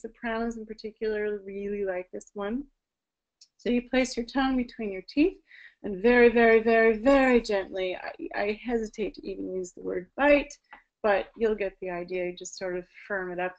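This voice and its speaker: A woman's voice: fairly high pitch, rough recording. A woman voice teacher explaining singing technique in an online presentation, speaking through a video call. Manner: explanatory, with sung and spoken demonstrations.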